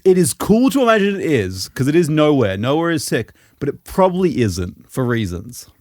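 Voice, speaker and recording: A man hosting a casual podcast chat, explaining comic lore with laughs, swearing and quick acted-out asides. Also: fairly high pitch, very animated, darkish tone, no room sound.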